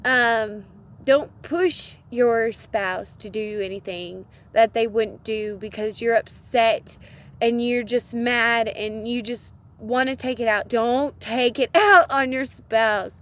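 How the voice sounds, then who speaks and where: A woman's voice: a little high, slow pace, a bit bright. A woman giving relationship advice in a casual vlog, earnest and laughing often between phrases. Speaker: vlogger.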